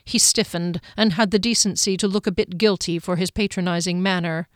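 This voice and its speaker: Female audiobook narrator, fantasy, measured delivery, dry close sound. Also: fairly low pitch, steady tone, dry recording.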